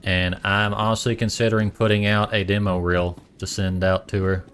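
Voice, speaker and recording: A man's voice: fairly low pitch, level tone, normal speed, a bit bright, a little hiss or hum. A man with a Boston accent chatting casually on a stream, rambling and correcting himself as he goes. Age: adult parent.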